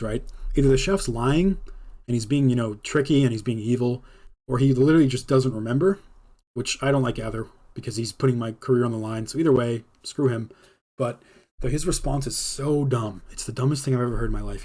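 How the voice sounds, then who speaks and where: A man with a husky, slightly breathy voice tells a long story in a casual stream. He swears freely and acts out the others' lines as he goes. His pitch sits in an ordinary middle range. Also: quick pace. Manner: profane, animated retelling with quoted dialogue. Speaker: podcast host telling a personal story. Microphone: streaming mic.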